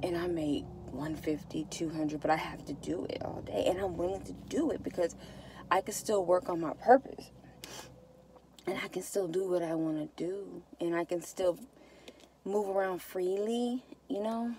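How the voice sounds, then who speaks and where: A woman speaks straight to her viewers in a low-pitched, heartfelt voice. She repeats herself and sounds close to tears. A faint hum of ambient noise sits behind her. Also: moderate pace, dark tone. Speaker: vlogger. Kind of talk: emotional casual vlog to viewers.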